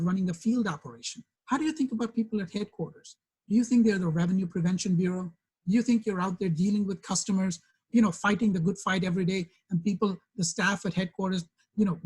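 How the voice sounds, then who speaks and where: A man's voice: high voice, a little mellow, breathy edge, low-quality recording. A man with a New York accent giving a corporate diversity training, conversational and often checking in with the room.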